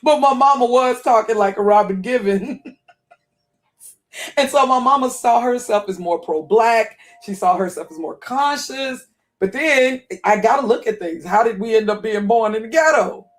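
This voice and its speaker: A man from Chicago talking casually to his audience, rambling, repeating words and laughing often. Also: high-pitched. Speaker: online talk host. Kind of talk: casual monologue.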